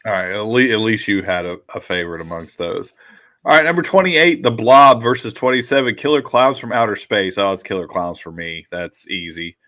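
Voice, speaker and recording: Casual swearing podcast host. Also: male voice, fairly low pitch, brisk, bright, forceful tone. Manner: loose, swearing, reads out list entries. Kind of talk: casual chat.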